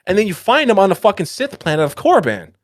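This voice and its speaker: A man co-hosting a casual podcast, ranting in profane, animated bursts. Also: high-pitched, fast, dry recording, clean studio sound. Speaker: podcast co-host.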